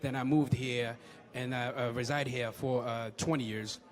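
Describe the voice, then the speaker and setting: A French-accented man, a filmmaker, answering interview questions with many pauses and fillers. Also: mid-range voice, steady tone. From France. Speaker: filmmaker guest. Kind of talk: casual interview.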